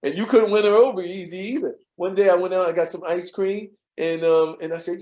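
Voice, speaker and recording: A man's voice: high-pitched, a little fast, few pauses. A man being interviewed, telling casual anecdotes from an old workplace, chuckling often and acting out the voices of the people he quotes. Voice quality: animated storyteller who acts out quoted voices. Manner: chuckles often, repeats words while recalling. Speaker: interview guest.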